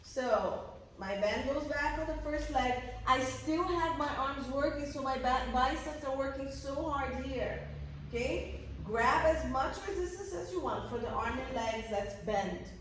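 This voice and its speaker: A woman coaches a pilates class, counting reps in an energetic voice. She speaks high and slowly. The echoey studio carries her voice from some distance off the mic. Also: a little hiss or hum. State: out of breath. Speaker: pilates instructor. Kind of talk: guiding a workout class. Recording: roomy echo from a distance.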